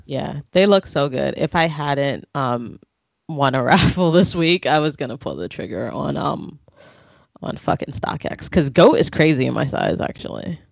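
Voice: medium pitch, animated, a little slow, creaky, no echo. A co-host with a laid-back manner, chatting casually about sneakers with slang and swearing. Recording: dull, lo-fi sound.

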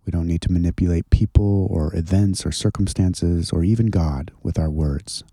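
A man leading a slow, gentle guided contemplative prayer and breathing exercise. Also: deep voice, fairly even intonation, slightly rough, no echo, clean studio sound. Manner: slow, gentle, soothing guidance.

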